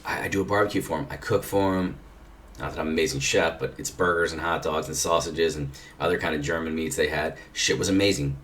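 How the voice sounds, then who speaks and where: Man, very deep voice, casual rambling storytelling, swears a lot, slight background hiss. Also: fast talker, fairly bright tone. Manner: rambling, profane, many filler "like"s. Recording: distant mic with faint background noise.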